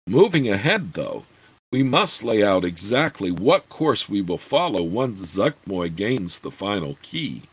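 Ancient scheming witch read by a man, formal, persuasive, low husky voice, lively storybook reading. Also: full character voice. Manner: measured, formal speech.

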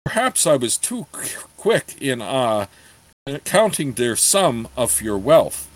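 A man voicing a greedy old dwarf weaponsmith who talks slowly in a thick accent with broken grammar, matter-of-fact and a bit cross. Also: mid-range voice, big pitch swings, no echo. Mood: gruff.

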